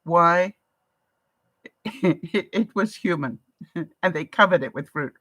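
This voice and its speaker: A woman's voice: on the low side, slow, fairly bright tone, dry recording. An older woman with an English accent, chatting on a live stream and reading viewer comments aloud, laughing often. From England. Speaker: vlogger. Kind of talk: casual live-stream chat.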